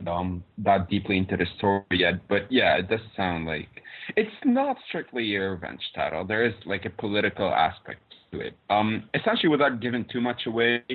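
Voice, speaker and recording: A man joining a podcast by phone, talking through a game with frequent hesitations. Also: on the low side. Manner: hesitant, lots of ums and restarts. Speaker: podcast guest. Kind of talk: casual podcast chat. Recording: tinny phone line.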